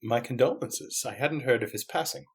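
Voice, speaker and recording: A man voicing a dignified, formal gentleman detective, speaking in a dry, measured way. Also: medium pitch, husky.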